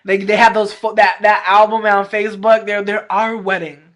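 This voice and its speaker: A woman's voice: medium pitch, level tone, normal speed. A woman vlogger in casual livestream chat, talking candidly with lots of slang, swearing and rambling fillers. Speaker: vlogger reviewing a reality show.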